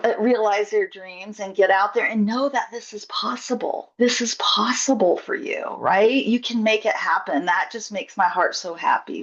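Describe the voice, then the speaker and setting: Woman, workshop coach, upbeat and encouraging, slightly dull lo-fi call audio. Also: mid-range voice. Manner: upbeat, encouraging, chatty with fillers. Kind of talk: online group coaching session. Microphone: video call.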